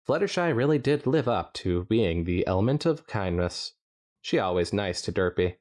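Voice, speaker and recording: A man's voice: fairly low pitch, big pitch swings, normal speed, a little mellow. A man co-hosting a podcast, reading fanfiction aloud with playful, jokey asides. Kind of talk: reading aloud with casual chat.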